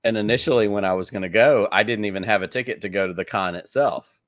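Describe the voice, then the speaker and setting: A man with a Southern US accent speaks in a low voice, recorded close and dry with no room sound. He rambles eagerly through his stories, leaning on "like" as he goes. It sounds like a relaxed podcast interview. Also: fast, no room sound. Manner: enthusiastic rambling storyteller, many "like"s. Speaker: podcast guest. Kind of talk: casual interview chat.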